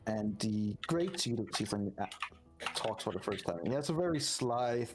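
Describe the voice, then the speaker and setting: A man narrating a tabletop game as game master, relaxed and full of fillers. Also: fairly low pitch, normal speed, over music. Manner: relaxed, with many fillers and restarts.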